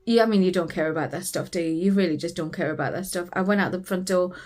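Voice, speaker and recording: A woman's voice: fairly low pitch, fast, darkish tone. A British woman, a family vlogger, earnestly retelling a frightening family emergency in a personal storytelling vlog.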